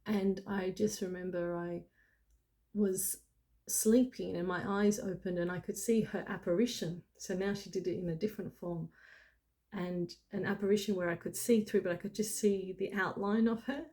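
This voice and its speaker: A woman's voice: mid-range voice, steady tone, normal speed, a little mellow. A middle-aged woman telling a personal story in a casual, chatty way, full of "like" and "you know". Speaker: spiritual channel host.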